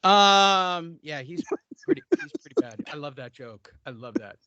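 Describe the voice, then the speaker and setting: A man hosting a casual boxing podcast, excitable and joking, often cutting in with quick remarks. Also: a little high, lo-fi sound. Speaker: podcast host. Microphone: headphones, podcast mic.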